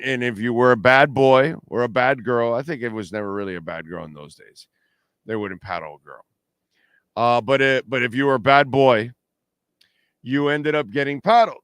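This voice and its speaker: A brash, trash-talking middle-aged man hosts a postgame sports show. His voice is smooth and resonant, and it sounds close and dry with no room around it. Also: mid-range voice, a bit bright, no room sound. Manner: brash, trash-talking, reads sponsor plugs and super chats. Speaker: sports talk show host. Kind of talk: casual postgame livestream talk.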